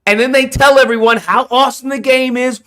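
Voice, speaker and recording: A man putting on the voice of a gushing, over-excited male game influencer. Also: very high voice, fairly quick, pitched above the performer's own voice. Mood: gushing, hyped.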